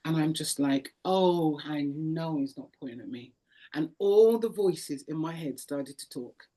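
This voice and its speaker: Brief: low-pitched woman, interview guest, animated testimony with acted-out voices. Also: a little slow. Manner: animated storyteller, acts out voices, frequent repetitions. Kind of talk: emotional testimony.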